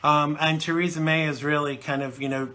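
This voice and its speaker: A man's voice: on the high side, flat delivery, a little fast, pushed and bright. A man hosting a live internet talk show from the UK, chatting and rambling with many fillers, recovering from a chesty cold. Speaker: host.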